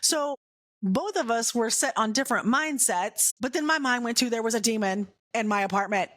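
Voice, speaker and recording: A woman hosting a faith podcast, telling a personal story in a chatty, animated way, full of "right?" and "like", going hushed at the scary parts. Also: fairly high pitch, moderate pace. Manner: chatty, animated, filler-heavy with frequent "right?" and "like"; drops to a hushed voice when retelling scary moments. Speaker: podcast host. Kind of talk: casual faith storytelling monologue.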